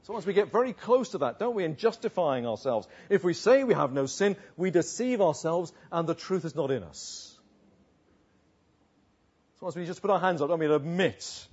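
Man, preacher, sermon, earnest and emphatic, slightly high voice, dull lo-fi recording. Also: animated, moderate pace, darkish tone, slightly rough. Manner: earnest, rising to emphatic declamation then dropping low.

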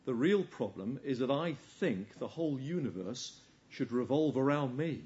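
A man's voice: mid-range voice, lively intonation, moderate pace. Fervent preacher, man, dull lo-fi sound. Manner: rhetorical questions, swinging between hushed and forceful emphasis. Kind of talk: sermon.

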